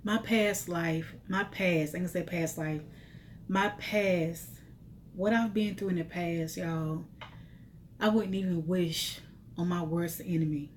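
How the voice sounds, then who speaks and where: A woman's voice: lowish voice, fairly even intonation, slow pace, slight background noise. A middle-aged woman telling her life story to viewers in an emotional, testifying, repetitive way.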